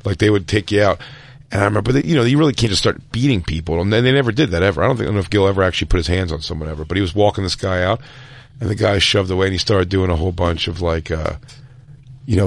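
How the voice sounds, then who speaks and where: Low-voiced man telling club stories. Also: racing, vocal fry. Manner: rambling, animated storyteller acting out quotes. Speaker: stand-up comedian and podcast co-host. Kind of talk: casual chat, storytelling.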